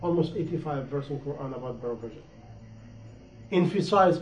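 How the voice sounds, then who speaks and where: Man preaching, high voice, impassioned, repeats for emphasis, dull lo-fi recording. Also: animated, moderate pace. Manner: impassioned, repetitive, rising and falling emphasis. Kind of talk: sermon. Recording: echoey room, dull lo-fi sound.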